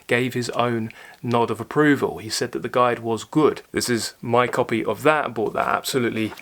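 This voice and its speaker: Young male host, mid-pitched, earnest and reflective, unscripted solo talk with fillers. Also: fairly even intonation, moderate pace, a bit bright, a little hiss or hum. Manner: thoughtful, earnest, with fillers and restarts. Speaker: channel host answering viewer questions. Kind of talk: casual solo talk to camera.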